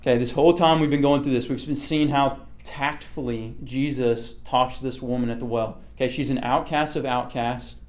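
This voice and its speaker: A man's voice: mid-range voice, fairly even intonation, normal speed, few pauses, darkish tone. A man leading a casual Bible study, talking through a passage in a conversational way, often checking in with "okay" and asking the group questions.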